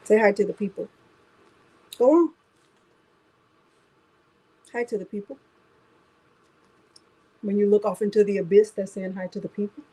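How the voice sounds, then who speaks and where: A woman's voice: mid-range voice, fairly even intonation, normal speed, pauses often, warm tone, husky, poor audio. A woman hosting a casual craft livestream, chatting and greeting viewers by name one after another.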